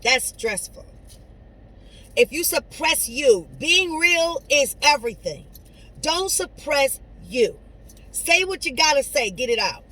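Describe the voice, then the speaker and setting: A woman giving an inspirational talk straight to her viewers, preachy and conversational, swinging between soft asides and loud emphatic lines. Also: high-pitched, lively intonation, slow pace, low-quality recording. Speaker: motivational speaker. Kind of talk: inspirational monologue to camera.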